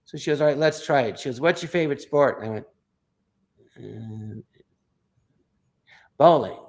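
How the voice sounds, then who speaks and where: Older man telling stories, animated and stammering. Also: fairly high pitch, rapid-fire. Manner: animated, acts out quotes with voices, stammers and restarts. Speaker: guest comedian. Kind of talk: casual interview storytelling.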